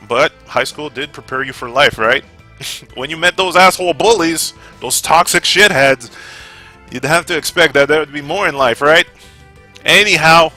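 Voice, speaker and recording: A man vlogging about gaming in a heated, profane rant that flares up, then calms into casual sign-offs. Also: on the high side. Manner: heated, profane, gets fired up. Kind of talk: opinion rant to camera.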